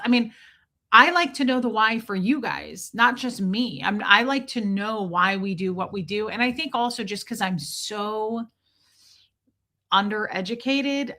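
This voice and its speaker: A woman with a bright, forceful voice talks casually on her livestream, rambling and restarting her sentences. She keeps breaking off to greet viewers and answer their comments. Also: medium pitch. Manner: chatty and rambling, with frequent restarts and asides to viewers. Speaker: YouTube livestream host.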